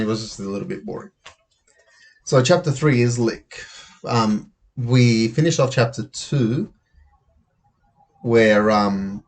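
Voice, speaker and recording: A man reading a children's book aloud, recapping the story in a relaxed, casual way with fillers. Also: medium pitch. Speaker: reader.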